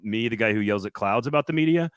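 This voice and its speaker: Low-voiced man in casual sports chat. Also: animated, fast, clean tone, no echo, clean studio sound. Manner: rambling, restarts a lot, laughs easily. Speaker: podcast co-host reporting from media days.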